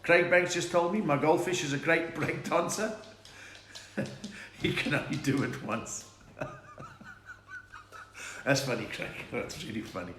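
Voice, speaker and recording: A South African man, a comedian, hosting a live online chat, telling quick-fire jokes and laughing at his own lines. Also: fairly high pitch, fairly bright tone, reverberant, a little hiss or hum. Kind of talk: live stand-up joke session. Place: room at home.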